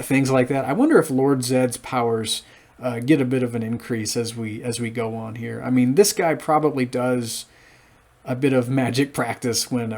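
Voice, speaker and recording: A man in his late thirties giving a casual solo episode review, chatting through the plot with frequent pauses and restarts. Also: medium pitch, a little mellow.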